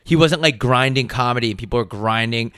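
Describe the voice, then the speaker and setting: Bright, crisp-voiced young man chatting loosely. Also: mid-range voice, brisk, no room sound, studio quality. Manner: laid-back, filler-heavy, swears a lot. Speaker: podcast co-host. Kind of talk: casual chat.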